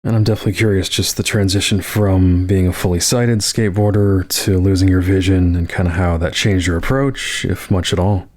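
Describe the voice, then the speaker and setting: A man's voice: low voice, fairly even intonation, fairly quick, few pauses, darkish tone. A man hosting a podcast interview, mostly giving brief affirming replies and asking questions. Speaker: podcast host.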